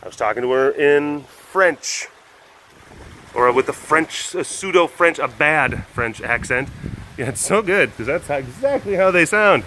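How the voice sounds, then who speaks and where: A man's voice: on the high side, lively intonation, unhurried, bright, forceful tone, a little hiss or hum, rough recording. A man hosting a casual vlog, rambling through ideas with self-mocking asides and frequent laughs. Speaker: host.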